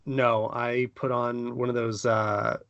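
A man hosting a podcast, chatting casually in a teasing, joking, animated way. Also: medium pitch, takes it slowly, dry recording, lo-fi sound. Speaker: podcast host. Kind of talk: casual chat.

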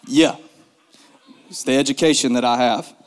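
A man telling a comic story in an animated, self-mocking way, repeating words for emphasis. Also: medium pitch, moderate pace, smooth. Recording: long hall reverb.

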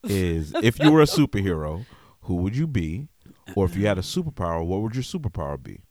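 A man hosting a podcast, talking openly in a relaxed way full of "yo" and "you know what I mean". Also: low-pitched, fairly quick, no echo. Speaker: podcast host. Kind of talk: casual podcast chat.

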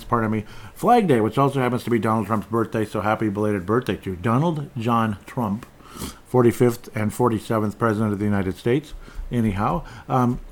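A man hosting his own show, talking through news items in a rambling, sarcastic way with many restarts. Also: on the low side. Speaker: podcast host. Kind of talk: casual political commentary.

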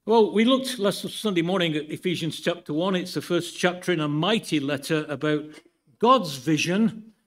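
With a fairly high-pitched voice, a UK preacher moves from a careful, measured Bible reading into easygoing, drily humorous talk during his church sermon.

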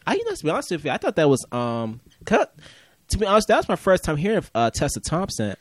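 Male guest, mid pitch, animated and teasing, laughs a lot, dry close sound. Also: fast, no room sound. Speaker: podcast guest, host's brother. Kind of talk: casual chat.

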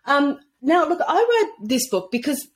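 A woman guest on a casual podcast, telling animated stories and acting out the dialogue in them. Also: high-pitched, a little slow, slight background noise. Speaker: guest author on intuition. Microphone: podcast microphone at a computer.

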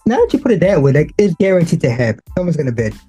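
Mellow, husky man agreeing casually. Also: a little high, sing-song, rapid-fire, soft background music. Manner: agreeable, short replies. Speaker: podcast co-host. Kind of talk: casual wrestling chat.

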